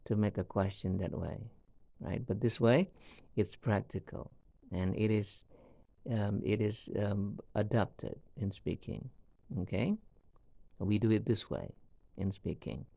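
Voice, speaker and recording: A man teaching an English lesson on video, talking slowly and often checking in with "all right?". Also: fairly low pitch, gravelly, mellow, no room sound.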